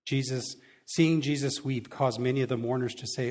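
A man's voice: medium pitch, fairly even intonation, normal speed, a little mellow. A man preaching a sermon, reading a Bible passage and adding casual, chuckling asides. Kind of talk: sermon reading scripture with commentary.

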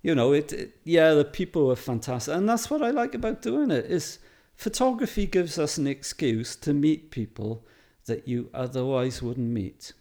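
A middle-aged Welsh man talks at an easy, storytelling pace. He fills his sentences with ums and little laughs and sounds relaxed and conversational. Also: fairly high pitch, normal speed, few pauses. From Wales. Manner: chatty, anecdotal, laughs often, many fillers. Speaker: photographer guest. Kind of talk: casual interview chat.

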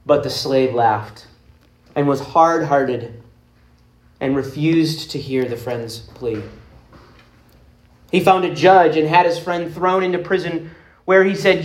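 A man preaching a sermon, retelling a parable in an earnest, emphatic way with dramatic pauses. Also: fairly high pitch. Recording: roomy echoing space.

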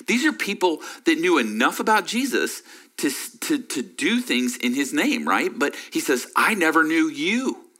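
Bright-voiced conversational preacher, a man. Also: fairly high pitch, very animated, normal speed. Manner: conversational, full of "you know" and "right?". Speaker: pastor. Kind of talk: sermon.

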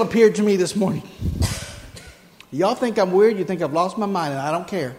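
Man, pastor, preaching, fairly high voice, emphatic, repeats key phrases. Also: animated, normal speed, long pauses, darkish tone, big-room sound. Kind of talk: sermon.

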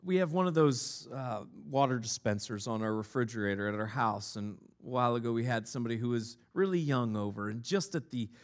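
A pastor delivering a sermon in a conversational way, mixing scripture with personal stories and playful asides. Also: male voice, medium pitch, brisk, hardly any pauses.

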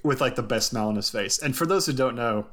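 A man's voice: medium pitch, fast, fairly bright tone, a little hiss or hum. A man hosting a casual podcast chat, telling a long story in a rambling way with lots of ums and frequent laughs. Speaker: podcast host.

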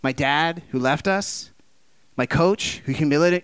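A man's voice: measured pace, a bit bright, clean tone, dry recording. A man preaching a sermon, impassioned and conversational, firing off rhetorical questions and acting out the voices he quotes. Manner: acts out quoted voices with big swings in pitch and volume.

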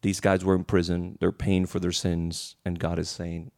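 A male preacher telling a story in a sermon, animated and emotional, often restarting his words. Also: low-pitched, normal speed, vocal fry, few pauses.

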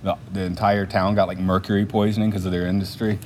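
A man's voice: low voice, level tone, fast talker, darkish tone, slight background noise. A man co-hosting a casual film podcast, laughing often and trailing off with fillers. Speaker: podcast co-host. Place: lives in Japan.

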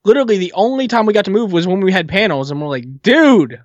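Casual co-host, quick interjections, dry sound. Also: medium pitch, animated, dry recording, muffled recording. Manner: chatty, interjecting, swears casually. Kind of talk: casual chat.

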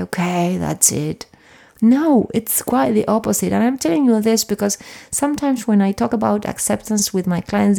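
A middle-aged woman hosting a self-help podcast, talking gently and soothingly to listeners and sometimes dropping into a whisper. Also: medium pitch, creaky. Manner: soft and soothing, drops into whispers at times. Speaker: podcast host and coach.

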